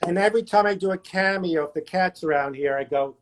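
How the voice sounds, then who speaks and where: High-voiced man telling showbiz anecdotes. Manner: anecdotal, self-deprecating, does quick impressions. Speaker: guest actor. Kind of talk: casual storytelling chat.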